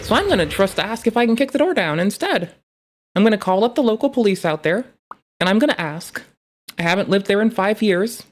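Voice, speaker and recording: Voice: medium pitch, lively intonation, a little fast. A streamer chatting casually while reacting to a video, rambling, joking and swearing freely. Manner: rambling, profane, playful. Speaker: live streamer.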